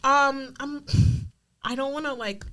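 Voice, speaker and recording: A woman's voice: sits high, slow, bright, forceful tone. A young woman co-hosting a podcast, telling a story in casual chat and filling it with "like". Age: young adult. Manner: rambling with constant "like" fillers. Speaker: podcast co-host.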